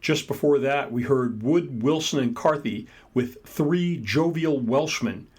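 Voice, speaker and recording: A man's voice: mid-range voice, slightly rough. A man hosting a radio music program, steadily announcing the tracks. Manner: steady, measured back-announcing. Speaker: radio host.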